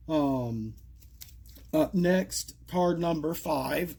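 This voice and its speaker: A man's voice: a little high, slow, darkish tone, slightly rough. A middle-aged man casually presenting homemade game cards, rambling with many fillers and asides, his voice cracking and coughing at times. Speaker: card game creator presenting custom cards. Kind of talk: casual solo video talk.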